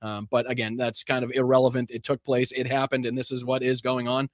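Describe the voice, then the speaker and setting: A man's voice: medium pitch, flat delivery, fairly quick, noisy background. A man hosting a political livestream, ranting angrily with heavy swearing and many fillers and restarts. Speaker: political commentary host. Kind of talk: livestream commentary.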